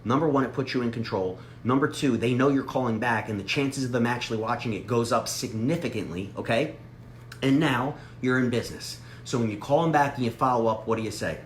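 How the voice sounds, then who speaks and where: Guy teaching sales scripts, talks fast and bounces his voice all over, kinda echoey room. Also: mid-range voice. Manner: animated, acts out sample phone calls. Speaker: sales trainer. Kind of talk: energetic coaching talk. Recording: echoey room with faint ambient noise.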